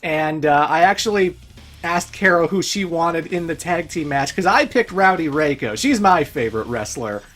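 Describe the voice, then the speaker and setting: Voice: medium pitch, expressive, moderate pace, fairly bright tone, faint music behind. A let's play host giving casual, chatty gameplay commentary, laughing often and swearing now and then.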